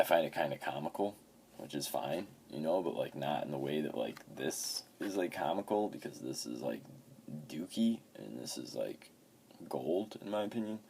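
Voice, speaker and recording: A game collector in his fifties casually talks through his latest video game pickups, swearing often and wandering into rambling stories. His voice is very deep and a little mellow, husky, with vocal fry.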